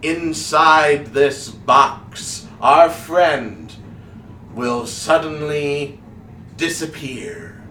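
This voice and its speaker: A grandiose stage wizard, as a man puts him on, booming out slow, drawn-out announcements in a raised, sweeping voice. The sound is roomy and a bit distant, with faint noise behind it. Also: expressive, bright, forceful tone, heavily acted. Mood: theatrical.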